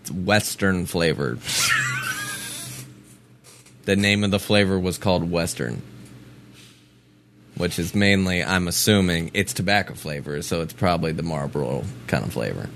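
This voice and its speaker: A man's voice: low voice, measured pace, creaky, long pauses, fairly bright tone, slight background noise. A laid-back man co-hosting a casual chat, blunt and swearing casually. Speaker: co-host.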